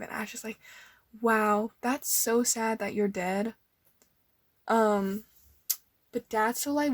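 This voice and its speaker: A woman's voice: on the high side, a little slow, pauses often, no room sound. A young woman casually rambling as she flips through her old sketchbooks, nervous and full of fillers. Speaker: artist showing old sketchbooks.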